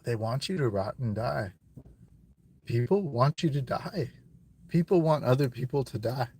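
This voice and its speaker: Emotional male interviewee outdoors, halting and profane, near tears. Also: mid-range voice, animated, darkish tone, slightly rough. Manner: halting, repeats words, heavy swearing.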